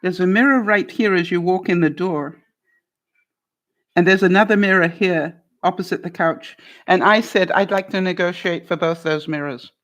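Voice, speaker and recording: A woman's voice: fairly low pitch, moderate pace. An older woman vlogger chatting casually with viewers on a live stream from her home, laughing often and calling people by name. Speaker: vlogger answering live chat.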